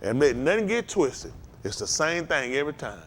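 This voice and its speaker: A man preaching to a congregation, calling out to them and rising to shouts. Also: fairly high pitch, big pitch swings, normal speed, slight background noise. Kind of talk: sermon.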